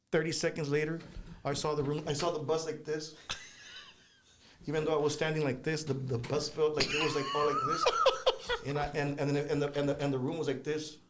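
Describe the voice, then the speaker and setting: A man, a guest musician, telling casual stories in an animated way and laughing as he talks. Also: a little high, slight background noise. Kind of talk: casual storytelling.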